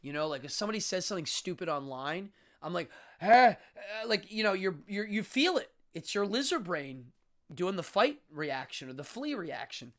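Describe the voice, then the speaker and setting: A man's voice: high-pitched, moderate pace. Dramatic magician guy chatting on his live stream, voice jumps all over, lots of restarts. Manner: dramatic and animated, stumbling restarts. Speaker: magician and occultist hosting a live show. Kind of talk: casual livestream monologue.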